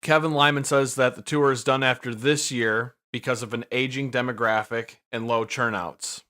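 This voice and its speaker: Male podcast host, mid-pitch, bright forceful tone, short casual asides. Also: steady tone, normal speed. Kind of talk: casual interview.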